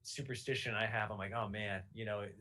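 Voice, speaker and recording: Rambling man with a bright voice. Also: lowish voice, fairly even intonation, fast. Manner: rambling, many restarts and fillers. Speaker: podcast guest. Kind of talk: casual chat. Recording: video call audio.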